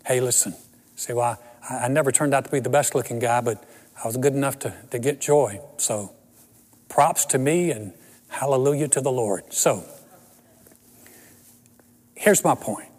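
A man's voice: medium pitch, normal speed, long pauses, darkish tone, long reverb tail. A man in his sixties preaching a sermon and telling personal stories with self-deprecating humor. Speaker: pastor.

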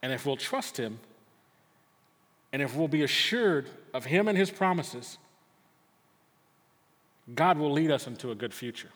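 This middle-aged pastor's voice is a little high and fairly bright, with lively intonation and a measured pace marked by frequent pauses. Sharing a personal story earnestly from the church sanctuary, he stammers and restarts often, and the sound carries a long hall reverb.

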